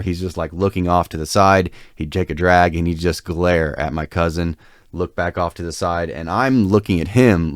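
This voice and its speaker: Recorded dry at studio quality, a man with a low-sitting voice co-hosts a podcast and tells a long story casually. He rambles, uses lots of fillers, and is self-deprecating throughout.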